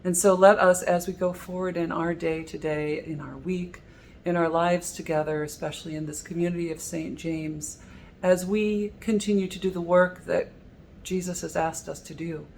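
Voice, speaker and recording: A woman priest giving a sermon, reflective and gentle, softening her voice when she quotes. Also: lowish voice, steady tone, moderate pace, creaky, slight background noise. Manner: gentle, reflective preaching with soft quoted lines. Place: cathedral.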